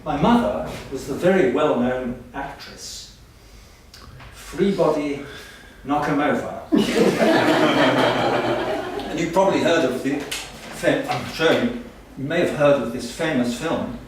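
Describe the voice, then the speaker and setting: A man's voice: fairly high pitch, slow pace, a little hiss or hum. A man playing a pompous, boastful male language professor in a stage comedy sketch, heard from far off in an echoey hall. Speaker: comic stage performer.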